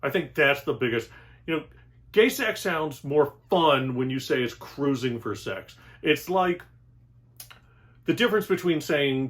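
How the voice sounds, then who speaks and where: A young adult man delivering a comic monologue as host, sarcastic and animated, with exaggerated outbursts and quick asides. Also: mid-range voice. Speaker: comedian host. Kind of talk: stand-up style comic monologue.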